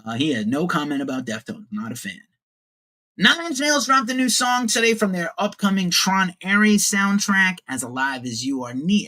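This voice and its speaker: A man's voice: fairly high pitch, pushed and bright. A man in his forties hosting a casual livestream news show, opinionated and profane, greeting viewers in the chat.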